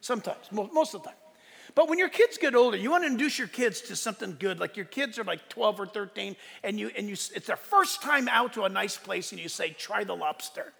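A man delivers a sermon with emphatic rhetorical questions and sudden hushed asides. His voice sits unusually high. The sound carries a long reverb, as from a large church sanctuary. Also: expressive, fast talker, creaky. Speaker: pastor.

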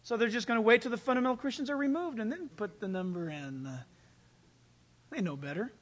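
A man preaching a sermon, telling personal stories in an animated, storytelling way and chuckling mid-sentence. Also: very high voice, a little fast. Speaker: pastor.

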